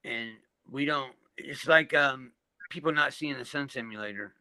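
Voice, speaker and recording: A man's voice: medium pitch, normal speed, sharp tone, no echo. A man co-hosting a live panel chat, blunt and exasperated, swearing freely. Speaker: panel co-host. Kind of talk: casual chat.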